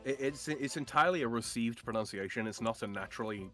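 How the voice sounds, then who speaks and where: A man chatting casually on a stream, opinionated, with halting starts and chuckles. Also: mid-range voice, pushed and bright, faint music behind. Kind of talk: casual chat.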